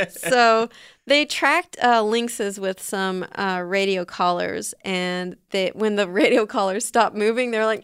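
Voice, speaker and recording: Smooth-voiced playful woman podcast host. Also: medium pitch, slow, no room sound, studio quality. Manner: playful, chatty, with frequent laughs and fillers. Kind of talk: casual chat.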